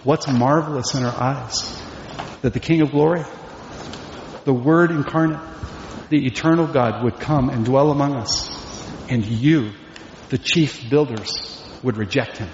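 A man's voice: mid-range voice, a little slow, long pauses, darkish tone, slight background noise. A man preaching a sermon as pastor, emphatic and full of rhetorical questions. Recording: echoey hall, dull lo-fi sound.

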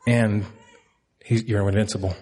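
A man's voice: lowish voice, little pitch movement, normal speed, mellow. A man in his thirties preaching a sermon as a pastor, earnest and repeating key lines for emphasis.

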